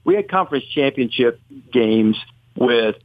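A man's voice: mid-range voice, expressive, unhurried, no room sound. Opinionated man on a tinny line. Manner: rambling, self-correcting, opinionated. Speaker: podcast guest analyst. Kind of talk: casual sports debate.

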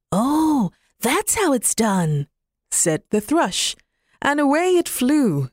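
A woman narrating a children's bedtime story in a gentle, expressive reading. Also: mid-range voice, no room sound, clean studio sound.

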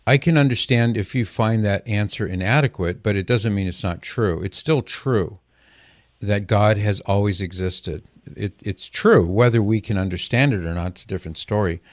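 A man with a very low, deep voice hosts a call-in radio program. He talks through callers' questions patiently and reassuringly. The sound is dry and close, with no room echo. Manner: warm, reassuring, explanatory.

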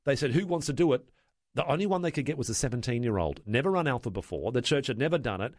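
A man's voice: medium pitch, animated, fast talker, a little mellow, no room sound, clean studio sound. An older man, a guest in a radio interview, speaking earnestly with many restarts.

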